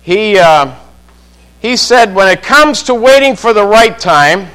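A man preaching a sermon, slow and measured, often putting questions to his listeners. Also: high-pitched, animated, pushed and bright, clean tone, rough recording. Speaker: pastor.

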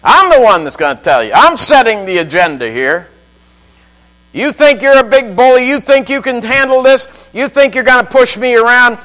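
Bold young hero, man, defiant and confident; preacher plays him high and sure. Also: very animated, moderate pace, sharp tone, heavily acted, poor audio.

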